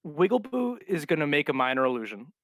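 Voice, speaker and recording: A man's voice: on the high side, very animated, a little fast, no echo. Joking man describing his character, dry mic. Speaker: player. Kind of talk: casual tabletop role-play.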